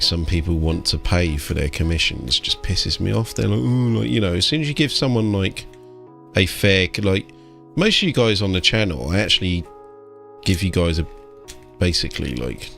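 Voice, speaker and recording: A man's voice: low-pitched, expressive, moderate pace, vocal fry, a bit bright, soft background music. A British man who paints miniatures chats casually on a live stream, ranting and swearing, with "like" and "mate" in every sentence.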